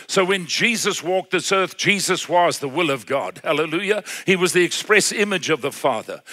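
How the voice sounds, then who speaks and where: Bright-voiced fervent middle-aged preacher man. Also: high voice. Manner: fervent preaching, frequent hallelujahs, swings between loud and hushed. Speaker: pastor. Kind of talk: sermon.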